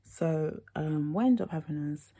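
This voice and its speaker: A woman's voice: sits low, normal speed, mellow. A young woman telling a rambling, chatty story. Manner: rambling, chatty, constant "yeah" and "like". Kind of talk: casual storytime monologue.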